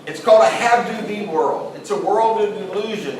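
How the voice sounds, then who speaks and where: A middle-aged man teaching a class in a relaxed, joking, conversational way. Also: sits high, normal speed, crowd noise. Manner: conversational, jokey, asks the class questions. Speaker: Islamic studies teacher. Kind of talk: classroom lecture. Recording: very echoey room, voice far from mic, faint hiss.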